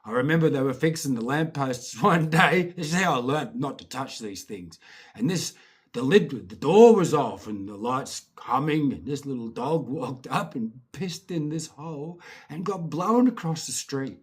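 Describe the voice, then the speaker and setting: A middle-aged Scottish man telling childhood stories in a casual, lively way, acting out voices and swearing now and then. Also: mid-range voice, normal speed, husky. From Scotland. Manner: lively, laughing, swears, acts out voices and sounds. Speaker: storyteller. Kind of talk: casual anecdotal storytelling.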